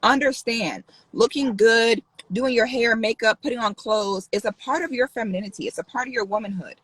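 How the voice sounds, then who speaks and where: Husky, sassy woman vlogger. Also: medium pitch, dry recording, poor audio. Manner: animated, sassy, exaggerated outbursts. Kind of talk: casual livestream talk.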